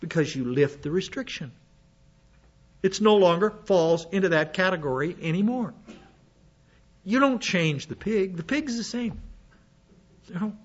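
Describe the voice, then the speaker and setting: With a high voice on a lo-fi recording, a man teaches from the Bible, reading passages aloud and stepping aside now and then to chat with his listeners.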